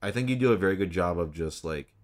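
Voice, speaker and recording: Lively low-voiced man chatting casually. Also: fast. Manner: lively, thoughtful, playful about accents. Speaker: interviewer. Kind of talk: casual chat.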